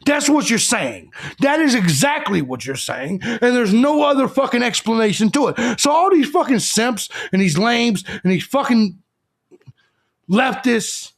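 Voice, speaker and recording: A combative man hosting a live stream, crudely lecturing his audience. His voice sits very high and swings widely in pitch. A gravelly fry runs under his words. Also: very animated, unhurried. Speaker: live show host.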